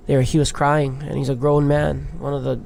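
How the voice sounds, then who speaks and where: Male surfer from Hawaii, 30s, gravelly and candid, casual swearing. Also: mid-range voice, level tone, moderate pace, darkish tone, slight background noise. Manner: open, emotional, swears casually. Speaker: guest, big wave surfer. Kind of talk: candid podcast storytelling.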